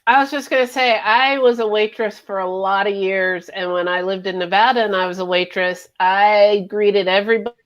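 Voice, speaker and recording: A woman on a podcast panel, telling an animated story in casual conversation. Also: mid-range voice.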